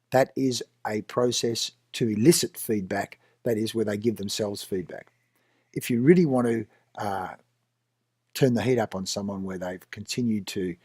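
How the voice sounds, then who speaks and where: A man with an Australian accent, a business coach giving a plainspoken talk that fires off rapid strings of questions. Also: lowish voice, darkish tone, slightly rough, no room sound, clean studio sound. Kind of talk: coaching talk with role-played examples.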